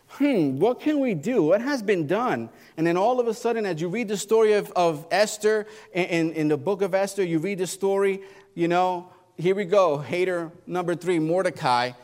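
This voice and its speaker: A male pastor preaches with animated, colloquial storytelling and reads scripture aloud between his asides. His voice sits a bit high for a man. A long hall echo trails every phrase, as in a church sanctuary. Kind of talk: sermon.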